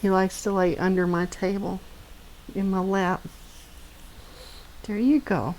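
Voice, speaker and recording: A woman streaming from home, chatting slowly and softly to her cat at a desk microphone. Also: medium pitch, steady tone, poor audio. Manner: slow, soft baby talk to her cat. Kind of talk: casual chat with her cat while gaming.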